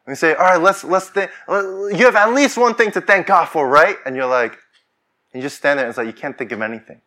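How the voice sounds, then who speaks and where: Male pastor, fairly high and bright tone, conversational preaching that builds to fervent passages. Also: lively intonation, brisk. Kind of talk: sermon.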